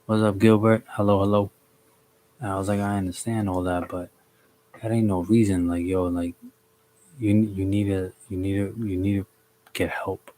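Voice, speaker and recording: A young man from the DC, Maryland and Virginia area telling a story on a live stream in a relaxed, slangy way, greeting viewers by name. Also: sits low, normal speed, pauses often, slight background noise. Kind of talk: casual storytelling on a livestream.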